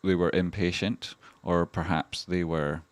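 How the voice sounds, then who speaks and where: A man's voice: deep voice, fairly even intonation, a little slow, no echo. A Scottish man hosting a casual livestream, talking over charts with a rambling manner and plenty of swearing. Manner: heavy swearing, rambling and chatty. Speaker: livestream host.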